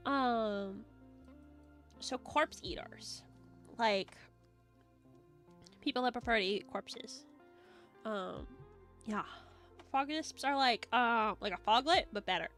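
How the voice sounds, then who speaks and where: Bright, excitable woman streamer. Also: on the high side. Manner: rambling, excitable, swears and giggles often. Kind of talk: casual stream chat.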